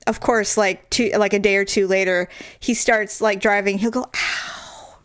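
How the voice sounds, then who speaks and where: A woman's voice: medium pitch, fairly even intonation, moderate pace. A woman in her forties co-hosting a podcast, telling a story in casual chat, acting out quoted voices and laughing often. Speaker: podcast co-host.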